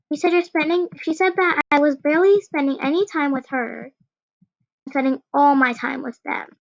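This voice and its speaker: A woman's voice: sits high, normal speed, vocal fry, no echo, dull audio. A teenage girl telling a rambling storytime, full of "like" and restarts. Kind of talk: casual storytime.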